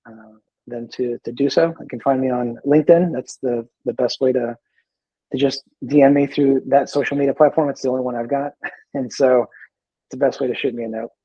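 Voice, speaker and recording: Husky-voiced man with halting, easy talk. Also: medium pitch, steady tone, warm tone, no room sound, highs cut off. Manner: halting, repeats words, easygoing storytelling. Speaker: guest, veteran in recovery. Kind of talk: casual interview talk.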